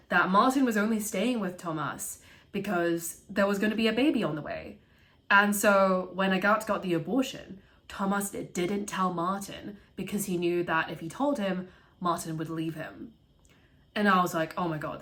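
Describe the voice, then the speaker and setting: A woman with a slightly low voice, recapping a film in a loose, chatty way. She swears freely and slips into the characters' lines as she tells it. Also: fairly bright tone. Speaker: video essayist.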